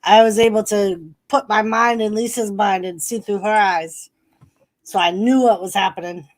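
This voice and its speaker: A woman's voice: medium pitch, fairly even intonation, moderate pace. A middle-aged woman hosting a live watch-party stream, chatting casually, reading viewers' messages aloud and laughing often.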